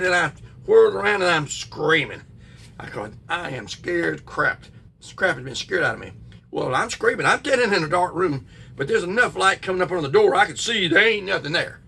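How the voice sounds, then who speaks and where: Gravelly man telling a ghost story. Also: sits high, bright, forceful tone, distant mic. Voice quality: gravelly, husky. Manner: folksy, drawn-out retelling with sudden bursts. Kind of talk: casual spoken ghost story.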